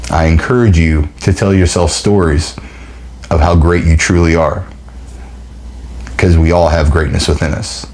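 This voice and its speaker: A man hosting his own podcast, speaking in an emotional, heartfelt motivational monologue, halting and restarting as he nears tears. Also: deep voice, fairly even intonation, darkish tone. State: near tears. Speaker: podcast host.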